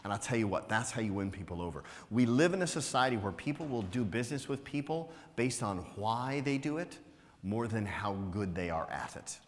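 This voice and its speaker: Male keynote speaker, mid-pitched, upbeat and playful with the crowd, heavy rhetorical questions, recorded in a big echoing hall. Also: a little fast. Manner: energetic, teasing, asks rhetorical questions with frequent "right?". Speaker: conference speaker. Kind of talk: motivational business talk to a live audience. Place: conference hall with an audience. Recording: long hall reverb.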